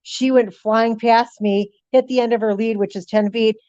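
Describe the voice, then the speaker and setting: Middle-aged woman telling lively anecdotes. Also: a little high, normal speed, dry recording, muffled recording. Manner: lively anecdotes, acts out animals with quotes, frequent ums. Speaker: guest, paranormal author. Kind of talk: casual storytelling interview.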